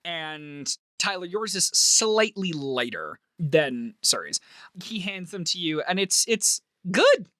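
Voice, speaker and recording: Guy game master narrating a tabletop game, bright voice, lots of pitch swings, dry close mic. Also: slow pace, no echo. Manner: animated, laughs often while narrating.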